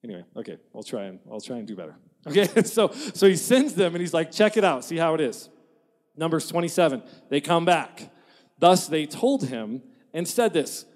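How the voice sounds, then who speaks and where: A man preaching a sermon in an animated, joking way, acting out quotes and laughing at his own jokes. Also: fairly high pitch, moderate pace. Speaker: pastor. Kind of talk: lively sermon. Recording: long reverb of a large hall.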